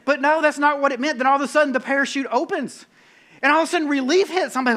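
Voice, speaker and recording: Man, pastor, sermon storytelling, very high voice, animated, self-mocking. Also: fast. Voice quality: bald-headed, bearded. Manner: animated, self-mocking, acts out his own panic.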